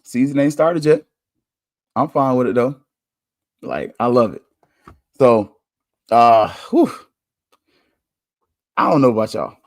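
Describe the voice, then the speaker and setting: A man hosting a podcast, talking candidly in a casual monologue, chatty and quick to laugh. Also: mid-range voice, lively intonation, dry recording, studio quality. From United States. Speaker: podcast host.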